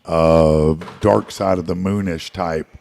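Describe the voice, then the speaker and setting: A man's voice: low voice, fairly even intonation, takes it slowly, vocal fry, darkish tone. A man chatting as a guest musician, rambling with many fillers and restarts. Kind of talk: casual interview chat.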